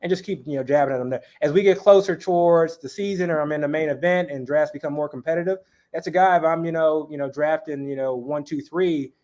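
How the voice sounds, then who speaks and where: A man's voice: fairly high pitch, quick pace, a little mellow. A man as an interview guest in casual chat, talking in long rambling runs full of fillers.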